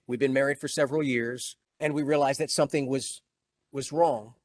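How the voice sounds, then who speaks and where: A man's voice: mid-range voice, fairly even intonation, fairly quick, dry recording. Emotional man telling a motivational story. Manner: storytelling, emphatic, grows emotional. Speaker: motivational speaker. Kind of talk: inspirational keynote talk.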